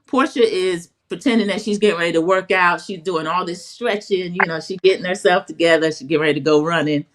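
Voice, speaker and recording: A woman with a slightly low voice tells an episode recap in a casual, chatty way. She is opinionated and easygoing as she lays out the scenes one after another. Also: fast, noisy background. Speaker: co-host recapping a reality show.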